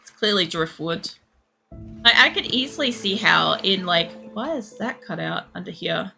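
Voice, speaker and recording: A woman's voice: fairly low pitch, lively intonation, normal speed, vocal fry, bright, forceful tone, soft background music. A young woman streams a game, rambling through stories with a lot of swearing and laughter. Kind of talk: casual live-stream chat while playing.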